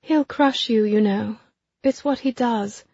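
A woman voicing a cold, spiteful society woman with a delicate voice that stays gentle while she threatens. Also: high-pitched, animated, unhurried, husky, dry recording, highs cut off, pitched above the performer's own voice, heavily acted. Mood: menacing. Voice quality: delicate, sweetly menacing.

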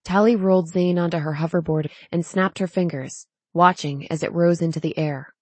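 A woman narrating a novel as an audiobook in a measured, steady way. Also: lowish voice, breathy edge, no room sound. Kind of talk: scripted narration.

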